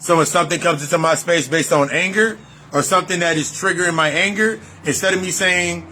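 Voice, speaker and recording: A man's voice: on the high side, steady tone, fairly quick, bright, forceful tone, a little hiss or hum. A man giving a casual, profane spiritual talk in loose run-on sentences, repeating phrases for emphasis. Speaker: spiritual reader and life coach. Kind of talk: freewheeling spiritual monologue.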